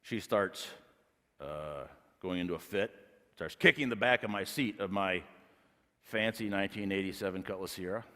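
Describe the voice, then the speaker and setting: A man preaching a sermon as a pastor, telling a personal story and building to loud, emphatic points. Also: low voice, normal speed. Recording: long reverb of a large hall.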